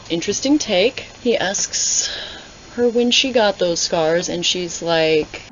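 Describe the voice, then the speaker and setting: Reading along as a booktuber, this woman speaks slowly in a fairly low voice, her commentary casual, sarcastic and exasperated as she drifts into tangents. The lo-fi recording is slightly dull, with a bit of background noise.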